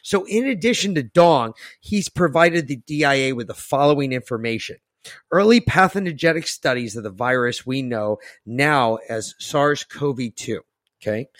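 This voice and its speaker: A man hosting a podcast, reading an article aloud and ranting in a boastful, profane way that swings from muttering to loud outbursts. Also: medium pitch, expressive, normal speed, dry recording, clean studio sound. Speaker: podcast host.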